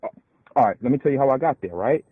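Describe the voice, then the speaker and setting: Husky man over a tinny line. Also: mid-range voice, expressive, dry recording. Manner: argumentative, halting, restarts and slows to quote scripture. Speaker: call-in show host. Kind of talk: casual debate.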